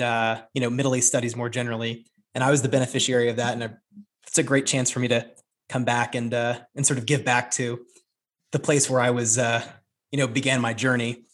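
A man, a professor and amateur poet, explaining things thoughtfully in a radio interview, with frequent fillers. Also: medium pitch.

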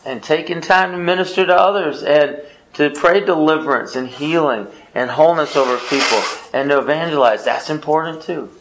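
A man teaches a small Bible study group in a fairly high voice. He stresses his points by repeating phrases, restarting his sentences and asking questions that he answers himself. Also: normal speed, a bit bright, slight background noise, poor audio. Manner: repetitive, emphatic, answers his own questions.

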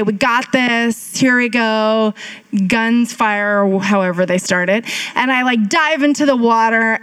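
A woman pastor in her thirties tells her sermon as a chatty, self-mocking story, acting out the voices she quotes. Her voice sits a bit high for a woman. She talks to a church congregation.

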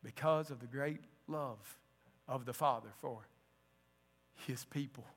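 A man preaching a sermon with passion, moving between loud declarations and hushed lines. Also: mid-range voice, a little slow. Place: church sanctuary. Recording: long church-hall reverb.

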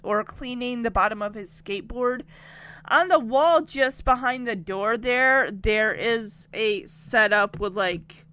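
A woman's voice: on the high side, bright, forceful tone. A woman giving a chatty, giggly recap of a TV episode, quoting the characters as she goes. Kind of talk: casual recap commentary.

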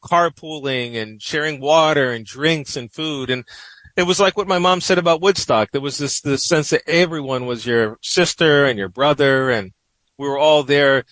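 A middle-aged professor and writer with a New York accent appears as an interview guest, reflectively telling a personal story peppered with "you know." His voice is on the high side and a bit bright, at a moderate pace. The recording has no echo but is low quality.

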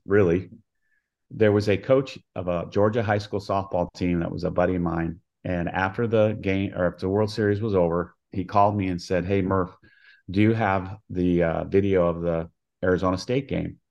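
An older coach with a very low voice tells stories in an interview. He is earnest and lively, and he acts out the voices of the people he quotes. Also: muffled recording. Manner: earnest storyteller who acts out quoted dialogue. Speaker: college softball head coach, guest. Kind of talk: storytelling interview.

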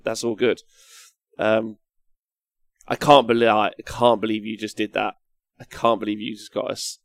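A young man chats on a casual live stream as he paints, reading chat messages aloud and getting loudly excited. His voice has a gravelly edge. The sound is close and dry, with no room around it. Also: fairly low pitch, moderate pace, no echo. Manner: excitable, swears, reads out chat comments. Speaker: livestream host.

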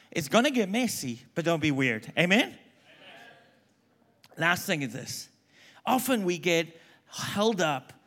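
A middle-aged man from South Africa with a South African accent blended with American, preaching an emphatic sermon that swings between loud calls and quiet asides. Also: high voice. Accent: South African, mixed with American.

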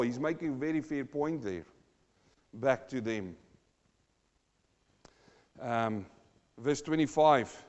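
A medium-pitched, slightly mellow male pastor takes his time, pausing often as he works through the Bible verse by verse. He dramatizes the voices in the passages with rising intensity, and the sound is dull and lo-fi with a long hall reverb.

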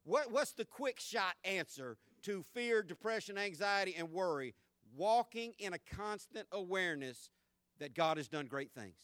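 Male preacher, high voice, dry close sound, conversational then emphatic sermon delivery. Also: animated, moderate pace, fairly bright tone, dry recording. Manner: preacherly, swings from conversational asides to emphatic exhortation. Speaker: pastor.

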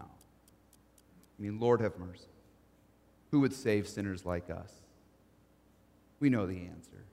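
A man preaching a sermon as pastor, swinging from loud to hushed. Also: mid-range voice. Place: church sanctuary. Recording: long church reverb.

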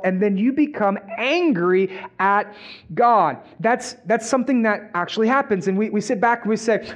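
High-voiced male pastor preaching. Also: moderate pace. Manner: animated, asks the congregation rhetorical questions. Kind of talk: sermon. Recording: dull lo-fi sound.

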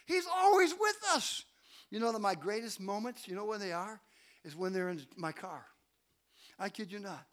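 High-voiced preaching man, call-and-response. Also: moderate pace. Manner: preaching with call-and-response, swelling to shouts then dropping low. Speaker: pastor. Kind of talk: sermon. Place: church sanctuary.

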